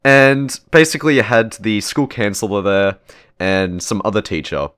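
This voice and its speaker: A teenage boy tells a school story for his channel in a loose, rambling way, tossing in "right?" and "okay?" and casual swearing. His voice sits fairly low, and the sound is dry and close. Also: normal speed, fairly bright tone, clean tone, no echo. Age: teens. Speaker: channel host.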